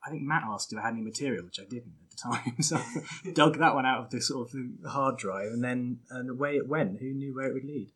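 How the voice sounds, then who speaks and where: A man's voice: mid-range voice, fairly quick, hardly any pauses, a bit bright. A man chatting casually about writing a comedy character, rambling and chuckling as he goes. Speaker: comedy writer and performer. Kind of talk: casual chat and stage directions.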